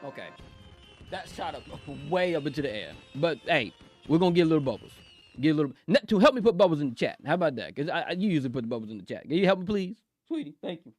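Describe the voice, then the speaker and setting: A young man chatting excitedly on a live stream, giggling often and talking in loose slang. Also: on the high side, quick pace. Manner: excitable, giggly, slangy, keeps saying "bro". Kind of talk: casual live-stream chat. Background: faint music.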